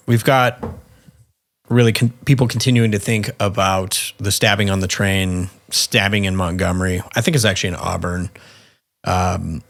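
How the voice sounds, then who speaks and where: A man co-hosting a podcast in casual chat, steadily leading the talk and asking questions. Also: on the low side. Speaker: podcast co-host.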